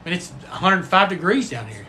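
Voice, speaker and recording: A man's voice: high voice, very animated, fast talker, sharp tone, slight background noise. A man hosting a casual livestream, folksy and rambling, with the odd cuss word. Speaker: livestream host and football coach.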